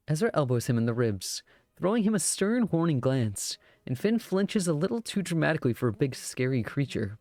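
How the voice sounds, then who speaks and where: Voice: medium pitch, very animated, normal speed, a little mellow, no room sound. A streamer reading a romance visual novel aloud live, with giggly, chatty joking asides.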